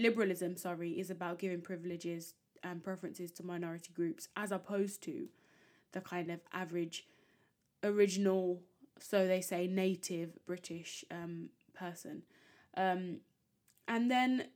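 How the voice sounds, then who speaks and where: Exasperated woman hosting a history podcast. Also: mid-range voice. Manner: animated, exasperated, reads quotes aloud. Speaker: podcast host.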